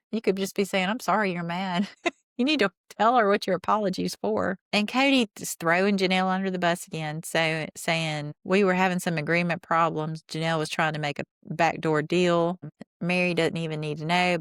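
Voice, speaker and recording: An opinionated woman with a low voice and smooth, clear tone talks through a reality show recap. She retells scenes line by line and adds blunt, sarcastic asides. The sound is dry and close, with no room around it. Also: no room sound. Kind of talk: casual recap commentary.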